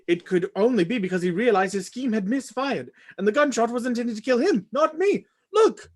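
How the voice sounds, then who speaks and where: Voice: mid-range voice, a little fast, a little mellow, lightly acted. A reader voicing a frantic male butler in a live script reading, racing through the recap with sudden yelps.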